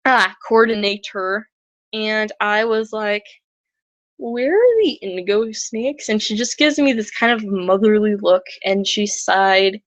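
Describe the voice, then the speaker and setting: A woman with a medium-pitched voice tells a personal story slowly, in a casual and rambling way, constantly using "like" as filler. The recording is dull, lo-fi and dry, with no echo.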